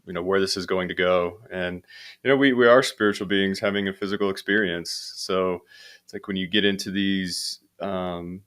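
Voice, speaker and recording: A man's voice: sits low, fairly even intonation, moderate pace, fairly bright tone, smooth. A young adult man talking as a podcast guest, telling a long story in a meandering way, with many fillers and restarts. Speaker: podcast guest, hemp company founder. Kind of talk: relaxed interview talk.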